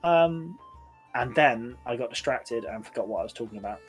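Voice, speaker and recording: A man's voice: medium pitch, lively intonation, normal speed, faint music behind. A man, co-hosting a podcast and telling a rambling story full of fillers. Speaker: podcast co-host. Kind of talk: casual chat.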